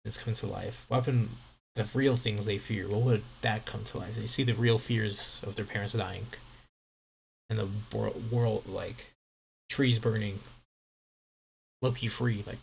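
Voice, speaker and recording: A man's voice: on the low side, fairly even intonation, unhurried, creaky, long pauses, a little hiss or hum. A man streaming live, reading a comic aloud with casual, rambling commentary and lots of fillers.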